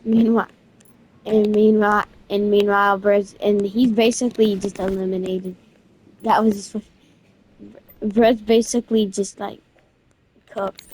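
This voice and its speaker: A woman narrating a game event in a casual, excited, slangy way, restarting her sentences again and again. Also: mid-range voice, unhurried, pauses often, a little hiss or hum. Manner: rambling storytelling with constant restarts. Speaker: gaming video creator.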